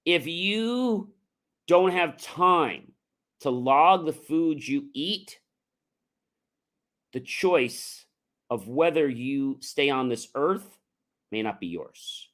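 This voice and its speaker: A middle-aged man hosting a podcast, giving an earnest, conversational motivational talk with frequent fillers and loud emphatic rises. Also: a little high, expressive, drawn-out words, long pauses. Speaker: entrepreneur podcast host.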